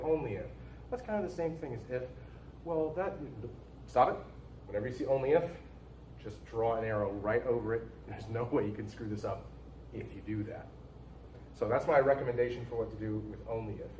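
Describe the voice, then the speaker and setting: A man teaching a logic class in an emphatic style, repeating his warnings and punching key words, then dropping to quiet asides. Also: mid-range voice, roomy sound, distant mic, a little hiss or hum, poor audio. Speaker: logic instructor. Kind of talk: recorded lecture.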